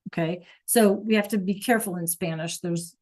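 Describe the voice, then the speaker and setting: A woman's voice: on the low side, fairly even intonation, moderate pace, a little mellow. A woman teaching an online Spanish class, explaining in a casual, chatty way with fillers and check-ins with her students.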